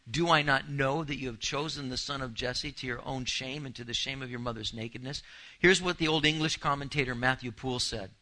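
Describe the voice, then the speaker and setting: A pastor preaching verse by verse in a church, his voice bright and forceful. He talks animatedly and repeats words as he works out his thoughts aloud. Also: medium pitch, fairly even intonation, a little fast, low-quality recording. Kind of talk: expository sermon.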